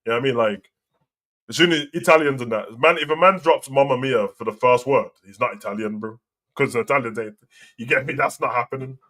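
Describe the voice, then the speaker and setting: A man's voice: mid-range voice, brisk, fairly bright tone. A man hosting a live wrestling talk show, chatting in a slangy, opinionated way. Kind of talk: casual live reaction chat.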